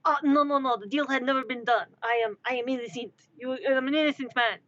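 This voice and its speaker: A woman's voice: high voice, quick pace, a bit bright, muffled recording, a little hiss or hum. Woman doing a wailing, fake-French Canadian man. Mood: indignant. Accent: put-on French accent. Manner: theatrical, protesting, wailing.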